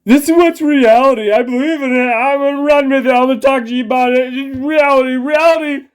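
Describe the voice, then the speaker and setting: A shrill, exaggerated voice of a gullible social media follower, as a man mocks him in a parody. It rises far above his normal speaking pitch and swells into a shout. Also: fairly even intonation, brisk, smooth. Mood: mocking.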